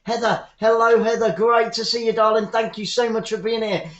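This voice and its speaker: A man's voice: high voice, level tone, moderate pace, fairly bright tone. A man hosting a live fan football commentary stream, upbeat and chatty, greeting viewers by name. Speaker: football commentator and channel host. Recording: echoey room, dull lo-fi sound.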